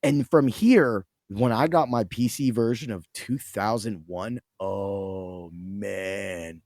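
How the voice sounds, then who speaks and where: A man in casual chat as a podcast guest, excitable and rambling, with restarts. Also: medium pitch, unhurried, no room sound, clean studio sound.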